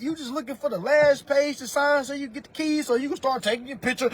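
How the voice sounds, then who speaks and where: A man's voice: extremely high pitch, quick pace, hardly any pauses. A man in his thirties ranting on a livestream, preachy and profane, talking straight to his viewers and calling them family. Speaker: livestreamer giving money advice. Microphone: phone.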